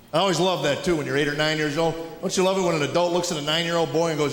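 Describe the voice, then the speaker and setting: Middle-aged guy from tennessee doing deadpan standup, kinda high voice, big echoey hall. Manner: deadpan storytelling with quick acted-out quotes. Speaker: stand-up comedian. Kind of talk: stand-up routine. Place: comedy stage before a live audience. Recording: echoey hall with audience noise.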